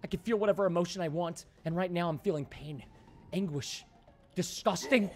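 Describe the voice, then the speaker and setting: Excitable high-voiced man streaming a game. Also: fairly quick, soft background music. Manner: excitable, shouts in frustration, jokey banter. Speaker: gaming livestreamer. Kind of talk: casual gaming livestream commentary.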